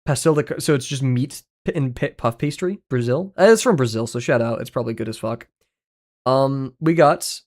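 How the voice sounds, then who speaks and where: A male streamer talking casually to his chat, rambling from one thing to the next. He swears freely, cracks jokes and laughs often, his voice sitting at an ordinary middle pitch. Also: normal speed, darkish tone. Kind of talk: casual livestream commentary.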